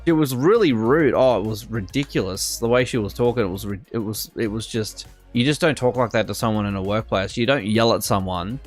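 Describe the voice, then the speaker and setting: A young Australian man telling a work story in a casual, rambling way, full of fillers and restarts and getting indignant. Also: lowish voice. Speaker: streamer.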